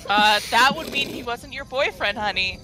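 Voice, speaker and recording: A woman's voice: a little high, normal speed, rough recording. A woman playing a tabletop game, sarcastic and exasperated with the others. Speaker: player. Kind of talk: casual tabletop play. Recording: loud background hiss.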